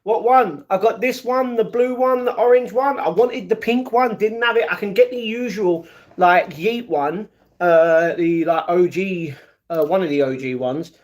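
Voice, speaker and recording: A man's voice: sits high, measured pace. A young British man hosting a casual live stream, chatty and playful, greeting viewers by name and breaking into improvised rhymes. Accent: British English.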